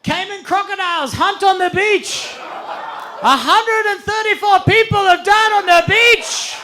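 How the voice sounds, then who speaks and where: A man putting on the voice of an excitable local man yelling an urgent warning. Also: measured pace, a little hiss or hum, heavily acted. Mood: alarmed. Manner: high, shouting and urgent.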